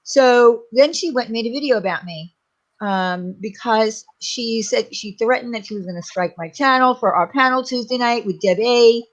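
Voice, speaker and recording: A woman's voice: a little high, normal speed, lo-fi sound. A woman with an American country accent, hesitant and full of fillers in a casual online chat.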